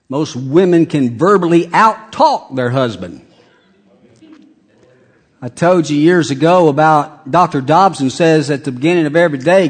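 A middle-aged man preaching with a folksy, joking delivery. His voice sits a little high for a man, and he swings between loud punchy bursts and quiet asides. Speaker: pastor. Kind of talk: sermon.

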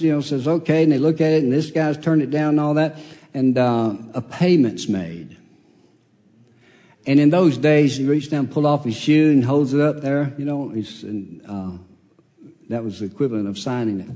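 A man preaching a storytelling sermon, folksy and animated, acting out the characters in his story. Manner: folksy, animated, acts out characters with big pitch jumps. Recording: long reverb of a large hall.

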